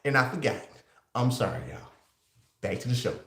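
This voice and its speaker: A male livestream host who talks straight to his chat in an excitable, casual way. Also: medium pitch, moderate pace, reverberant.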